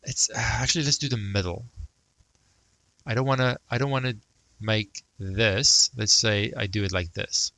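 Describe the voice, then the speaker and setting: A man's voice: on the low side, moderate pace, bright, forceful tone, no room sound, low-quality recording. A man teaching math, thinking aloud and muttering to himself as he sketches a graph. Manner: self-talk, mutters, jokes about praising himself.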